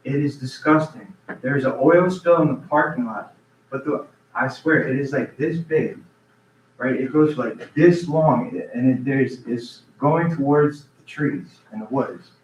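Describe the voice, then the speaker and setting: At a council meeting, a man speaks a little slowly in a mid-range voice, giving public comment with urgency and earnestness while repeating himself and frequently starting sentences over. The recording is roomy, distant, and dull, with a little hiss or hum.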